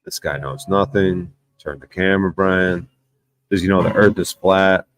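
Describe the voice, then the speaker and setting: Deep-voiced man ranting on a livestream. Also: moderate pace, a bit bright. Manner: argumentative, insistent, swears a lot. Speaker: livestream host reading chat. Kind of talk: casual profane livestream rant.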